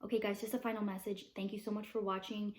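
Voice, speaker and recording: A woman's voice: mid-range voice, level tone, quick pace, a little mellow, reverberant. A woman, a mother vlogging, chatting upbeat to camera with plenty of fillers. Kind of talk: casual chat to camera.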